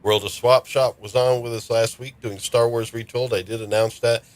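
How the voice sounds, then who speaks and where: A man's voice: medium pitch, moderate pace. A man hosting a podcast, talking casually with frequent fillers. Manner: relaxed, chatty, frequent fillers. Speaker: podcast host. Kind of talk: casual group chat.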